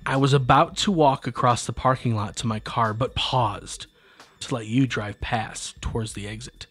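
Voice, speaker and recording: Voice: medium pitch, normal speed, a bit bright. A podcast co-host in casual studio banter, blunt and opinionated, teasing their partner.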